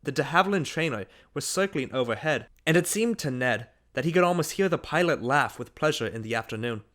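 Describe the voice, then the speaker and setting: A man reading a literary short story aloud as an audiobook narrator, in a measured, unhurried manner. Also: fairly high pitch, animated, fairly bright tone.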